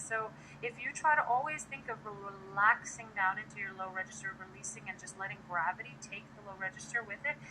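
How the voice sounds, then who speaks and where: A woman's voice: medium pitch, bright, forceful tone, a little hiss or hum, rough recording. A woman giving a casual live-streamed singing lesson, chatting to viewers and demonstrating sounds as she explains. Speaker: voice teacher.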